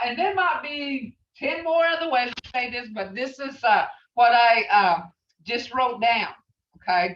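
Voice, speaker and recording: A woman's voice: on the high side, a bit bright, distant mic. A woman teaching a language class, patiently repeating phrases as she explains them. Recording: muffled, roomy, from off mic.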